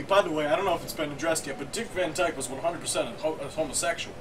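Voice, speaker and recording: A man co-hosting a comedy show, trading jokes and spinning rambling, excitable stories. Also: on the high side, fast talker, hardly any pauses, background noise. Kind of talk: casual comedic banter.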